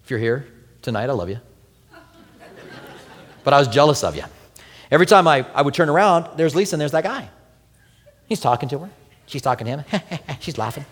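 A man preaching a sermon as pastor, telling personal stories with lively, animated delivery and acting out quoted prayers in a soft voice. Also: a little high, fast talker, long pauses, long reverb tail. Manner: animated storytelling, acts out quoted prayers softly.

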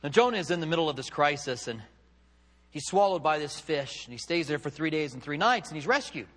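A man preaching a sermon, swinging from loud, fervent passages to hushed, quiet ones. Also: a little high, animated, fairly quick, big-room sound. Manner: dramatic, swings from loud fervor to hushed tones. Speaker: pastor.

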